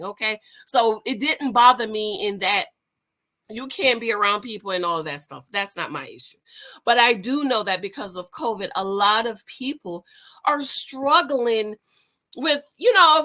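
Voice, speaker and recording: A woman in her forties with a high, bright, ringing voice, chatting her way through a reality show recap. She talks to her viewers like friends, throwing in sassy asides. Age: 40s. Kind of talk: casual commentary.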